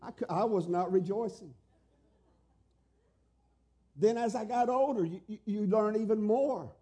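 This is a middle-aged man delivering a sermon in a high voice with a mellow, dark tone. He preaches emphatically, climbing into loud pleading questions and then dropping to a hushed, tender delivery. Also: a little slow, long pauses. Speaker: pastor.

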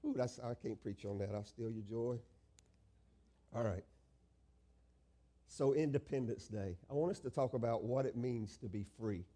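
A man's voice: medium pitch, normal speed, pauses often, warm tone. A male pastor preaching a sermon, stretching out key phrases and asking the congregation questions.

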